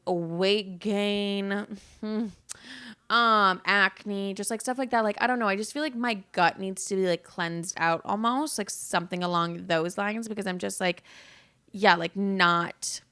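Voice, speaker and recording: A young woman hosts her own podcast as a solo, casual monologue. Her pitch sits right in the middle for a woman. She rambles candidly, leaning on fillers and dropping swear words without a second thought. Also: fairly even intonation, a little slow, pushed and bright, smooth. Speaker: podcast host.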